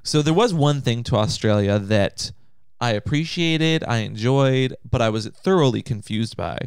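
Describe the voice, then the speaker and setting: A man with a smooth, resonant voice, teasing and joking as a podcast co-host in casual banter. The sound is dry and close, with no room around him. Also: medium pitch, expressive, normal speed, dry recording. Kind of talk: casual chat.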